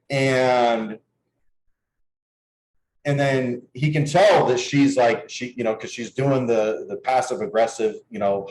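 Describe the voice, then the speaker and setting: A man's voice: mid-range voice, darkish tone, a little hiss or hum. A man coaching on dating, explaining his views and telling a client's story in an earnest, casual conversational way. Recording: echoey room.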